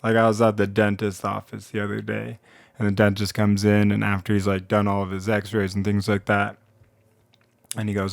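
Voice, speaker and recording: A man with a lowish voice tells a funny everyday story, rambling and restarting his sentences as he goes. The sound is dry and close, with no room around it. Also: moderate pace, gravelly, dry recording. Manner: rambling, self-interrupting, animated delivery. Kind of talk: comedic storytelling monologue. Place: now living in Colorado.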